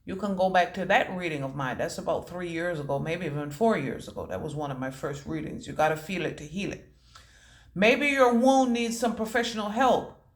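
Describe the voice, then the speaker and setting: A woman's voice: fairly low pitch, brisk, roomy sound. A woman giving a channeled intuitive reading who free-associates from word to word, makes puns and swears casually. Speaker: intuitive reader.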